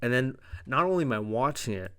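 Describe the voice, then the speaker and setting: A man's voice: medium pitch, expressive, fairly quick, a bit bright. A man hosting a podcast, recapping a wrestling show in a rambling, offhand way with a lot of swearing. His mouth is dry. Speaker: podcast host.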